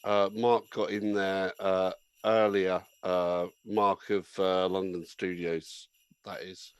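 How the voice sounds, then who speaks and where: Male co-host, mid-pitched, dry close sound, animated storytelling. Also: slow, clean tone, no echo. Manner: storytelling with acted-out reactions. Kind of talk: casual livestream chat.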